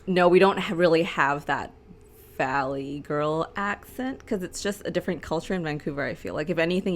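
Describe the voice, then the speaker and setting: A young woman co-hosting a podcast in casual chat, chatty and full of fillers, quick to laugh. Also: deep voice, slight background noise. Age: young adult. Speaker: podcast co-host.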